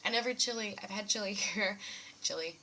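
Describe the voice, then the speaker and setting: A young woman talks to camera from her dorm room in a loose, rambling way, laughing often and joking at her own expense. Her voice is bright and forward, at a middle pitch, with a dry sarcastic streak running under it. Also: fairly even intonation, quick pace. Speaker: student vlogger. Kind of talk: casual rambling vlog.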